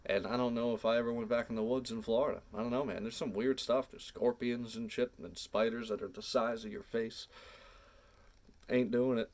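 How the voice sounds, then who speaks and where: A man telling a personal story casually to camera, animated, drawn out and sprinkled with swearing. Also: medium pitch, fairly quick, hardly any pauses.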